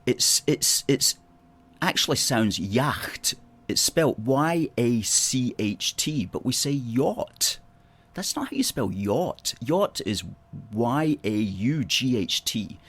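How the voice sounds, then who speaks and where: A man's voice: medium pitch, a bit bright, husky. A man with a Scottish accent hosting a livestream, chatting in an opinionated, rambling way, reading out viewer comments and correcting himself as he goes. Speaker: host.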